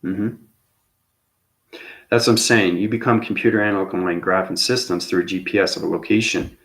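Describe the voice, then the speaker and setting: Deep-voiced male host, meandering spiritual talk, habitual "okay?" check-ins. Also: steady tone, brisk, a bit bright. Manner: repeats "okay?" as a tag after phrases; loose, searching phrasing with restarts. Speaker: channel host. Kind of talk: rambling spiritual monologue.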